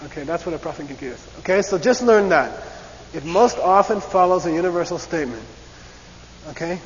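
Animated male teacher in an echoing hall. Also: a little high, a little fast. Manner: animated, repeats "okay?" and acts out debate voices. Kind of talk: classroom lecture. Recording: long reverb, dull lo-fi hiss.

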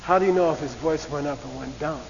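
Male lecturer, fairly high voice, repeats "okay?", long reverb, muffled lo-fi tape with faint hiss. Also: fast, vocal fry. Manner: animated, repeats "okay?" and acts out debate voices. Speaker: teacher. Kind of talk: classroom lecture.

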